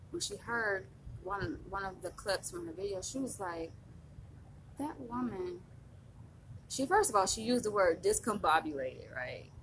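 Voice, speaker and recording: A woman in her thirties from the United States, talking to camera in a rambling, animated vlog monologue with frequent laughs. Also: mid-range voice, a little hiss or hum, rough recording. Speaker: vlogger.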